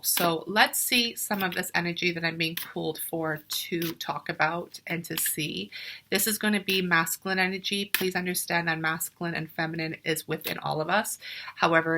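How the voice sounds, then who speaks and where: A young woman reads tarot cards for her viewers in a casual, earnest talk. Her voice is crisp and bright, sitting a little low in pitch. She speaks directly to the listener and sometimes pauses to hunt for a word. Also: a little hiss or hum. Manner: earnest, addresses viewers directly, searches for words mid-sentence. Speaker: spiritual coach and tarot reader. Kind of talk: casual spiritual tarot reading to camera.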